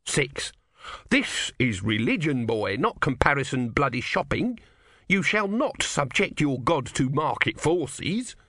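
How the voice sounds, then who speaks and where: A man's voice: mid-range voice, sing-song, a little slow, sharp tone, no room sound, studio quality, exaggerated voice. A man voicing a small grumpy male god trapped as a tortoise, heckling in a testy, sarcastic, impatient way. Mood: irritable.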